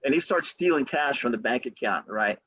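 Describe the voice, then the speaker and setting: A man who works as a real estate attorney, giving motivational advice on a podcast as an animated storyteller who acts out quotes and repeats key phrases for emphasis. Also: medium pitch, fairly quick, husky, dry recording, dull audio.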